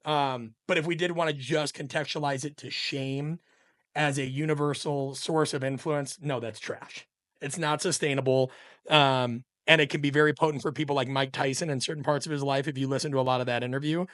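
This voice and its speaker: A middle-aged man in the middle of a podcast conversation, talking with fired-up conviction and pressing his points hard. His pitch sits in an ordinary middle range, and the recording is close and dry. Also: steady tone, a little fast, fairly bright tone, no echo. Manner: passionate and ranting, emphatic. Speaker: guest, coach and author.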